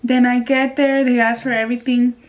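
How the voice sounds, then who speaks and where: A woman's voice: fairly high pitch, flat delivery, a little fast, highs cut off. Chatty young woman telling a story. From California. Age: young adult. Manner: chatty, swears freely, acts out quotes. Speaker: vlogger. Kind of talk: casual storytime.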